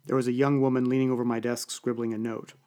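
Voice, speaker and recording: A man's voice: mid-range voice, little pitch movement, quick pace, warm tone. A man with a Canadian accent reading a first-person story aloud in a dry, wry way. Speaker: audiobook narrator. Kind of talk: first-person scripted narration.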